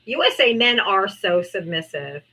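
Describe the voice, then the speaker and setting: A woman's voice: medium pitch, animated, a little slow, pushed and bright, poor audio. A woman hosting a live political debate stream, talking in a brash, mocking, profane way.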